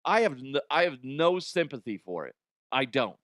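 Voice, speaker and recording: A man hosting a comedy news show, ranting crudely and mocking the stories, with quick jumps into silly voices. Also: medium pitch, sing-song, fairly bright tone, no room sound, clean studio sound. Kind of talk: profane comedic news commentary.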